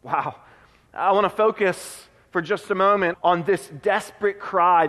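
A man with a fairly high voice preaches a Sunday sermon, earnest and conversational, often restarting his sentences. His voice rings with a long reverb from the church hall around him. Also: fairly bright tone. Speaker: pastor. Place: church sanctuary.

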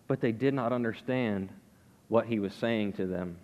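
A man's voice: on the low side, normal speed, phone-quality sound. A man preaching a sermon, explaining scripture in a conversational, casual way. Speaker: pastor. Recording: long hall reverb.

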